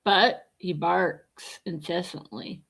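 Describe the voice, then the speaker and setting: Middle-aged woman, bright-voiced, casual livestream host answering chat bluntly. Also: lowish voice, fairly even intonation, takes it slowly, creaky, husky. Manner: blunt, chatty, reads and answers viewer comments. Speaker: livestreamer chatting with viewers.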